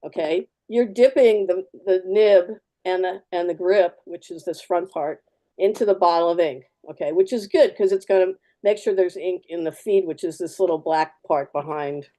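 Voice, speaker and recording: A woman's voice: lowish voice, moderate pace, dark tone. A woman artist giving a live fountain pen demo, chatty and practical, repeating key words for emphasis. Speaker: artist demonstrating fountain pens.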